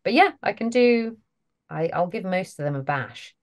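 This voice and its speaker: A woman's voice: mid-range voice, expressive, normal speed. A British woman, an actress, chatting casually and self-deprecatingly in an interview. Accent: British English. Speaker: voice and mocap actor guest.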